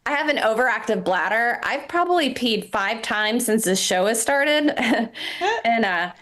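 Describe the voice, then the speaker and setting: Woman in her forties, stand-up comic, bright-ish high voice, very lively pitch, self-deprecating, laughs at own jokes, stage mic. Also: unhurried. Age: 40s. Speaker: stand-up comedian. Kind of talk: live stand-up set. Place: comedy club stage.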